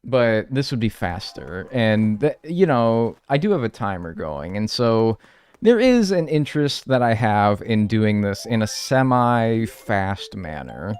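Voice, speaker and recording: A man from North America giving casual live commentary while playing a game, rambling and joking, with sudden loud yelps. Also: fairly low pitch, big pitch swings, unhurried, clear, resonant tone. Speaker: streamer playing a life-sim game.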